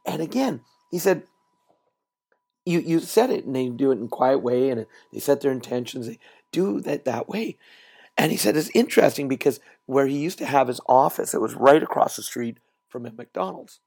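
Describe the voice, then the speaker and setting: A male podcast host speaking at a middling pitch with a gravelly, fry-tinged edge. He tells stories in an animated way and repeats key words for emphasis. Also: moderate pace. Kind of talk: solo motivational podcast talk. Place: recorded while traveling.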